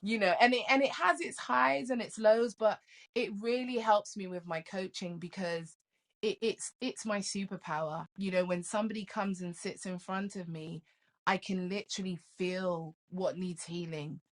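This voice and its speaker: A middle-aged woman, a life coach, talking as a guest in a casual interview. She tells stories in a lively way, laughs often and repeats words as she starts sentences. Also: mid-range voice, moderate pace.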